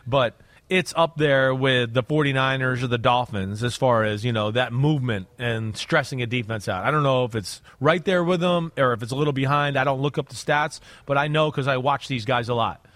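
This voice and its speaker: A man's voice: medium pitch, fairly quick, no room sound. A middle-aged man, a former player, co-hosting a sports podcast, talking football in a loose, rambling way. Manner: relaxed, rambling, fillers and "right?". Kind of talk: casual sports analysis chat.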